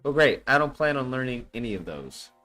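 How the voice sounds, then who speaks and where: A man's voice: mid-range voice, very animated, brisk, sharp tone, soft background music. A man streaming casually as he follows a language lesson, thinking aloud, repeating words and swearing often. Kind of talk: casual live-stream chat.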